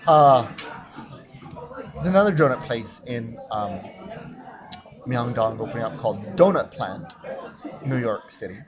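A man's voice: medium pitch, expressive, measured pace, pauses often, over music. A man co-hosting a casual chat, playful and mock-pompous as he teases his co-host. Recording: lo-fi recording with crowd chatter behind.

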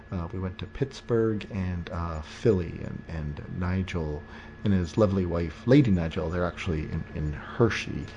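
A man's voice: low-pitched, dark tone, a little hiss or hum. A man hosting a podcast in casual chat, rambling and joking with many restarts. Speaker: podcast host. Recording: dull lo-fi recording.

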